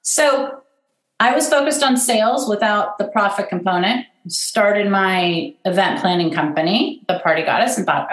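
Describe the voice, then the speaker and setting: Middle-aged woman, event biz owner, self-deprecating story, mid-pitched, echoey room. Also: normal speed. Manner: candid, self-deprecating, animated. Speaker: guest, event business owner. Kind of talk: personal storytelling in conversation. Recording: roomy echo.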